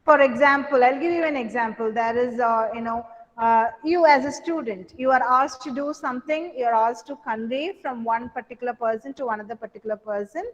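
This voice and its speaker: A woman's voice: a little high, fairly quick. A woman lecturing a class on communication skills, asking questions, repeating points and using many fillers. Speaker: college lecturer. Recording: dull lo-fi sound with long hall reverb.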